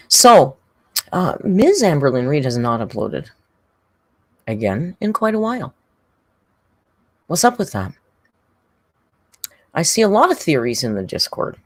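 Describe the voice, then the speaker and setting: Chatty livestreamer with a lively pitch. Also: slow pace, pauses often, dry recording. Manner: chatty and rambling, talks to a pet cat between chat messages; reads viewer comments aloud and thanks members. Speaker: livestreamer reacting to videos and reading chat. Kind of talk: casual livestream chat.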